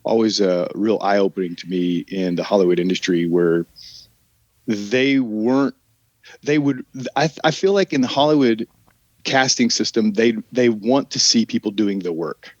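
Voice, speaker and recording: A low-voiced man with a gentle Southern American drawl, rambling through his thoughts with frequent restarts. The sound is dry and close, a little dull and muffled. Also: normal speed, dry recording. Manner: rambling, many restarts and trailing sentences. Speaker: actor and podcast guest. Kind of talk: casual podcast interview.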